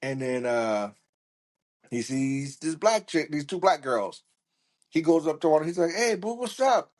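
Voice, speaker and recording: A man's voice: mid-range voice, measured pace. Profane, laughing male podcast storyteller. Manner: animated and profane, laughing at his own story. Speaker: podcast host. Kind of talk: casual storytelling.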